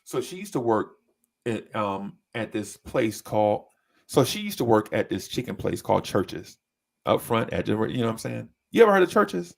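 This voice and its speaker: A man telling a story in casual chat, animated and often breaking into high voices to mimic people. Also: normal speed, gravelly. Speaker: podcast co-host.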